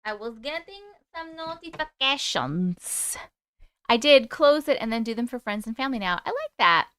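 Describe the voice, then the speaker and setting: Woman, high squeaky voice, bubbly live-stream host, animated, smooth and clear. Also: moderate pace, no room sound. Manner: bubbly, reads chat aloud and greets viewers. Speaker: host reading live chat. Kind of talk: casual live-stream chat.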